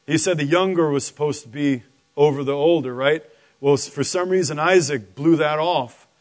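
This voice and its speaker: A man preaching a sermon, telling the story in an animated, conversational way with asides to the listeners. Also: on the high side.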